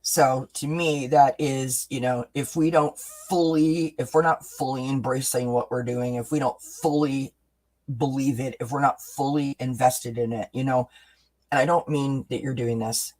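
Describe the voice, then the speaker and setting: A man hosting a live oracle card reading and answering viewers in chat. He talks in a gentle, reassuring way, often checking in with "right?" and "you know.". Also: medium pitch, steady tone, a little slow. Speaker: oracle card reader and host.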